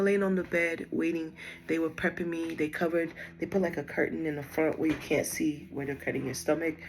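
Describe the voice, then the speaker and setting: Chatty woman with a gravelly voice. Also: low voice, slight background noise. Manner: chatty, rambling, lots of fillers. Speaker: new mother telling her birth story. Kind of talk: casual storytelling vlog. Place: at home.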